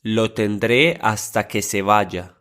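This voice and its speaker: A man reading example sentences slowly and carefully for learners, often saying each one twice. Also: lowish voice, a bit bright. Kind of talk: slow model pronunciation.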